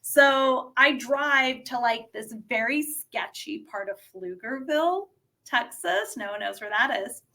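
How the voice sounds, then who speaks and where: A woman wrestler telling a story casually as a podcast guest, animated and laughing, with lots of filler words. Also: high-pitched, measured pace.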